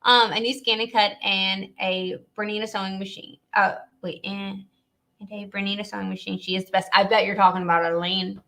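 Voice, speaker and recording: A woman's voice: mid-range voice, little pitch movement, brisk, creaky, pushed and bright. A woman from Louisiana, hosting a casual live stream and chatting in a rambling way, laughing often.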